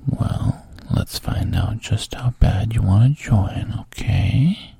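A whispered role-play in which a man plays a pushy young fraternity guy with a gravelly, breathy low voice. He coaxes slowly and lingers on pet names. The sound is close and dry. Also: dark tone, no room sound, exaggerated voice. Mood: coaxing. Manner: coaxing, calls the listener baby and sweetheart. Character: smooth-talking young male fraternity guy, coaxing and pushy.

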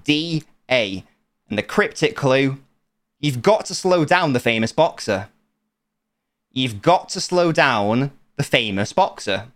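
A man's voice: medium pitch, animated, slow, a bit bright. A young man hosting a podcast quiz segment in a casual, playful, teasing way, often laughing. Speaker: podcast host running a quiz.

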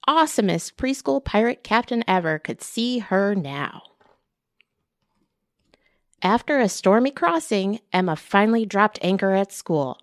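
Animated woman reading a picture book. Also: medium pitch, dry recording, studio quality. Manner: animated, theatrical, with playful shouts and whispers. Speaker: children's librarian reading aloud. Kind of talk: storytime read-aloud with character voices.

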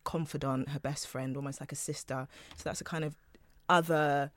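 A woman, an actress, talking as a guest in a casual interview, animated and quick to laugh. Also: sits low, dry recording.

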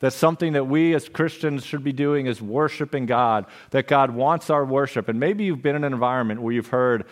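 A man's voice: mid-range voice, fairly quick, hardly any pauses. A man preaching a sermon as pastor of a church, conversational with playful, joking asides.

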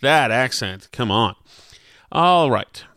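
A man's voice: medium pitch, takes it slowly, a little hiss or hum. A man co-hosting a radio show who chats casually and jokes with enthusiasm. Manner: animated, enthusiastic, joking. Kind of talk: casual chat.

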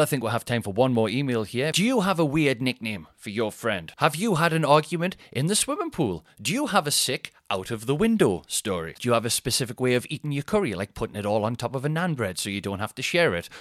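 A man's voice: mid-range voice, fairly bright tone, no room sound, studio quality. A man in his thirties with a Geordie accent, telling rambling self-deprecating stories on a comedy podcast. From Newcastle, England. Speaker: podcast host and stand-up comedian. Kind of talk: casual comedic monologue.

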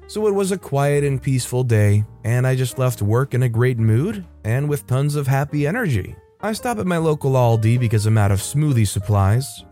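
A man reading reddit stories aloud, with wry asides and quick put-on voices for the people in them. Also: medium pitch, mellow. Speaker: story narrator.

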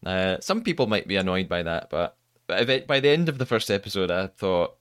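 A podcast host with a low-sitting, sing-song voice, fairly bright, clear and resonant, chats casually at a moderate pace. He asks his guest questions and laughs easily, recorded in studio quality with no room sound.

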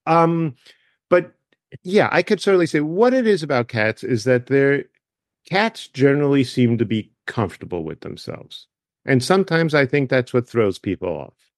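A man's voice: medium pitch, expressive, normal speed, no echo, studio quality. A man being interviewed as an author, talking casually and drifting into tangents. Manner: chatty, wanders into tangents. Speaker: author guest.

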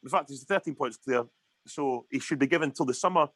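A man's voice: medium pitch, brisk, slightly rough, no echo. A Scottish man ranting heatedly in a casual podcast chat, swearing often. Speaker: podcast co-host.

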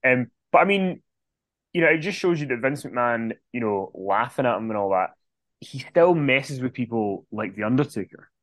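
A man co-hosts a laid-back wrestling podcast, chatty and loose, often pausing on an "um". His voice sits at an ordinary middle pitch and comes through dry and close to the mic. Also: expressive, a bit bright, dry recording. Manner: chatty, reads out quotes with frequent ums. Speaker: podcast co-host. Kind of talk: casual wrestling podcast chat.

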